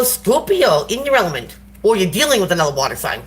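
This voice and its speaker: A woman's voice: mid-range voice, sing-song, fast. Brief: woman tarot reader streaming live on a phone, chatty, slangy, faint background noise. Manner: casual, slangy, encouraging. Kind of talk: live tarot reading to viewers.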